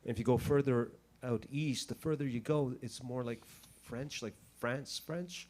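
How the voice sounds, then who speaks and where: A man's voice: mid-range voice, measured pace, a little mellow. A man from Quebec, a band member who explains things hesitantly during an interview. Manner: hesitant, full of fillers.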